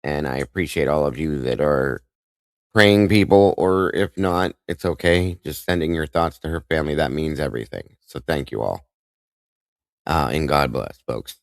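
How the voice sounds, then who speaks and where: A man with an extremely deep, low voice hosts a live stream, talking in an emotional, halting way and often restarting his sentences. He greets his viewers one by one by name. The sound is dry and close, with almost no room echo. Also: gravelly. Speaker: livestream host.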